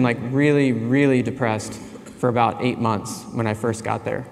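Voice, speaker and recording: A man in his forties giving a conference keynote, telling personal stories in an earnest, self-deprecating way with pauses. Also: medium pitch. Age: 40s. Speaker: keynote speaker. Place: large conference hall. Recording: reverberant hall.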